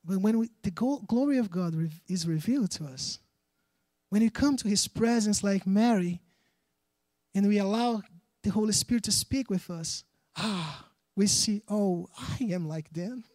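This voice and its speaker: A man's voice: high-pitched, normal speed, darkish tone, no room sound. A man from Brazil, preaching a sermon earnestly, often restarting phrases and checking in with the congregation. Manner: earnest, with frequent restarts and "right?" asides.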